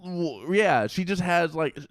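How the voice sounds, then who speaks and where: A man co-hosting a podcast, recapping a film in casual chat with sarcastic, animated jabs and frequent swearing. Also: high voice, unhurried, dry recording, clean studio sound. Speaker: podcast co-host.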